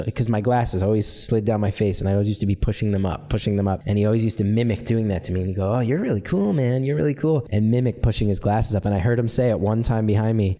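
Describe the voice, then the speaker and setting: American guy in his 30s, mellow voice, telling stories from his childhood, pretty animated. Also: lowish voice. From United States. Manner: candid, animated storytelling. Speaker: comedian guest. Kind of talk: casual storytelling interview.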